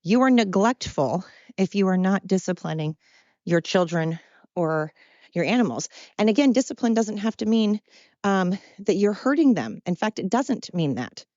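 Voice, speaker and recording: A woman's voice: medium pitch, expressive, moderate pace, a little mellow, dry recording. A woman hosting a podcast on her own, talking in a blunt, opinionated, rambling way. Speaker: podcast host. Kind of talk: casual solo monologue. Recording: dry, dull lo-fi sound.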